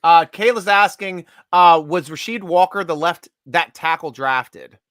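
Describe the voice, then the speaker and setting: Excitable man hosting a live sports stream. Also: on the high side, measured pace, no echo, studio quality. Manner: excitable, laughs often, talks in bursts. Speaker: host. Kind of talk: casual live sports chat.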